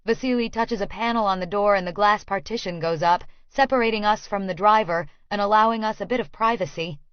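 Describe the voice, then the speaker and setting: A woman narrating a first-person audiobook with a clear, expressive reading. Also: mid-range voice, fairly quick, dry recording, muffled recording.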